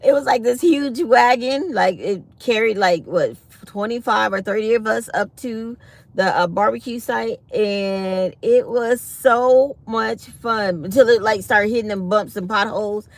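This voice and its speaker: This woman's voice is on the high side and unhurried, captured in a dry recording. As a livestream host, she chats casually with viewers she calls y'all, telling stories and acting out what others said.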